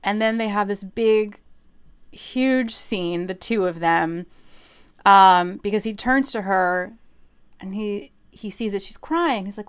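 A woman's voice: medium pitch, slow pace, clear, resonant tone. A woman casually retelling an opera plot on a podcast, acting out the characters' lines with playful, swearing humor. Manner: lively storytelling with playful quoted voices and swearing. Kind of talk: casual chat.

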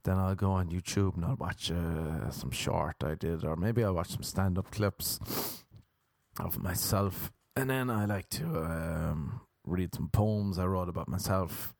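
A man's voice: low-pitched, a little slow, creaky, a little mellow, dry recording, clean studio sound. A man with an Irish accent hosting a podcast, rambling through a crude, self-mocking comic monologue. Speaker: comedian podcast host.

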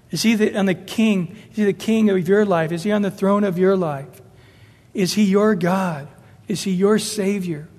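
A man's voice: high voice, a little mellow, long reverb tail. A man preaching a sermon emphatically, rising and falling as he acts out the voices he quotes. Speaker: pastor.

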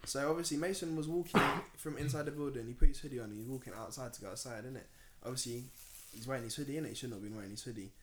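A man's voice: mid-range voice, very fast, slight background noise. A young man, telling stories in casual chat with slang. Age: young adult. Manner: animated storytelling with London slang. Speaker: podcast host. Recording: roomy echo.

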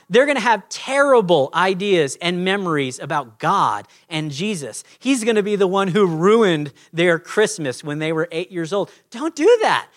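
A man gives a sermon in a conversational preaching style, acting out little scenes as he talks. His voice sits high for a man and swoops up and down with energy. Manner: animated, conversational preaching with acted-out quotes. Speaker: pastor.

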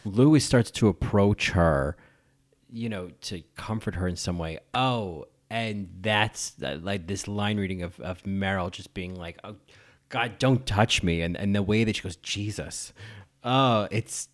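A man's voice: low-pitched, unhurried. Effusive man rambling about a film. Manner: effusive, rambling, many restarts. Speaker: podcast host. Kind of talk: casual film commentary.

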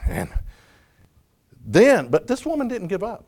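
A man preaching a sermon as pastor, animated, acting out quoted voices, with frequent restarts. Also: high voice, a little slow.

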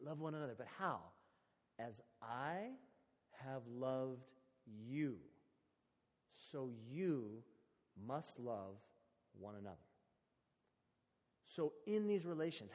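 A man preaching a sermon in a relaxed, conversational, storytelling way. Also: medium pitch. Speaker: pastor. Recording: long hall reverb.

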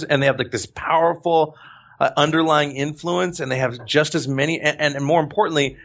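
A man's voice: a little high, a bit bright. A man chatting casually as a podcast host, rambling with many restarts and easy laughter. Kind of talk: casual chat.

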